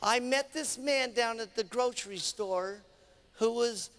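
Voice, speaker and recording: A man voicing a timid, hopeful housewife who speaks softly and meekly. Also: very high-pitched, a little slow.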